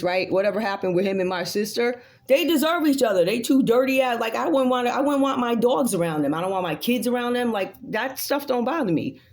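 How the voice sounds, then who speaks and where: A woman giving a casual tarot reading that turns into a blunt, profane rant aimed straight at an unseen rival. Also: mid-range voice. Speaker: tarot reader.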